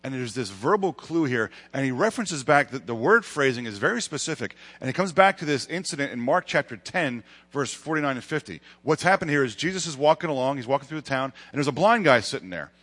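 A man's voice: medium pitch, animated, fast, few pauses, fairly bright tone. A male pastor preaching a sermon, with emphatic rises and dramatic retellings of scripture. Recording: long hall reverb.

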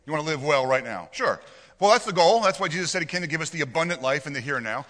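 A man's voice: fairly high pitch, lively intonation, rapid-fire, pushed and bright. A male pastor preaching a sermon in a conversational way, asking the congregation questions and joking with them. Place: church hall with a congregation. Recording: reverberant hall.

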